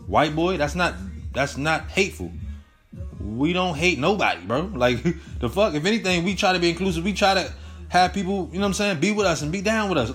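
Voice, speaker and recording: A young man delivers a heated, profane, rambling monologue thick with slang. His voice sits a little high for a man. Faint music plays behind him. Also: fairly bright tone. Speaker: host. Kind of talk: casual solo commentary.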